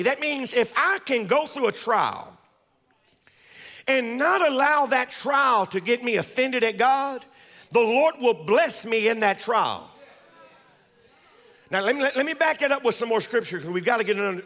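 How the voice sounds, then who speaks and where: A man's voice: very high-pitched, lively intonation, moderate pace, a bit bright, long reverb tail. A man preaching a fervent sermon as pastor, repeating phrases and calling on the congregation to respond. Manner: fervent, repetitive, call-and-response.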